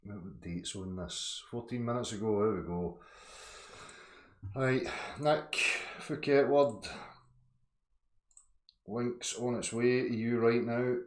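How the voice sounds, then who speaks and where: A Scottish man hosting a livestream, chatting casually and ranting loudly with constant swearing. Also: medium pitch, slow pace, pauses often, roomy sound. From Scotland. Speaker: livestream host.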